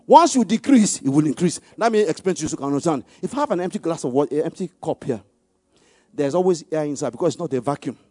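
A man preaching, leading the congregation in call-and-response and rising to loud exclamations on key words. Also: fairly high pitch, fast talker, dry recording. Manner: animated call-and-response, leads the congregation to repeat verses. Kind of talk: sermon.

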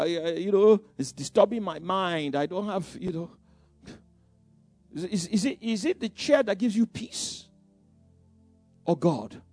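A man's voice: sits high, a little mellow, no room sound. A middle-aged man preaching a sermon in a conversational way, with many asides and repeated phrases.

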